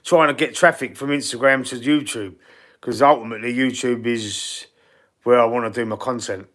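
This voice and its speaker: A man's voice: mid-range voice, fairly even intonation, normal speed, fairly bright tone. A middle-aged Cockney man chatting live. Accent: Cockney London. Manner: chatty and rambling, reads viewer comments aloud and answers them; blunt and swears casually. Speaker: football channel live-stream host. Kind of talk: casual live-stream chat.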